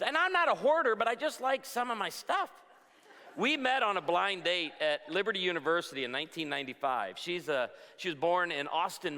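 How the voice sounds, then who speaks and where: A man in his forties tells jokes from the pulpit of a large hall, his voice bright and forceful and fairly high for a man. A long reverb trails behind his punchlines as he calls on the room for amens. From outside Chicago. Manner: joking storyteller, punchlines, asks the crowd for amens. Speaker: pastor and speaker. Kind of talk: humorous conference talk. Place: large hall before a live audience.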